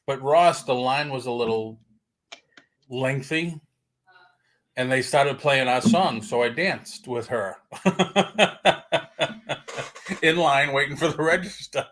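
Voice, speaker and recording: A man hosts a relaxed morning livestream, trading jokes with a guest and reading viewer comments aloud. His voice sits at an ordinary middle pitch, and he talks in an easy, chatty way. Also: a little slow. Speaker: livestream host. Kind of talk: casual chat. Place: home livestream.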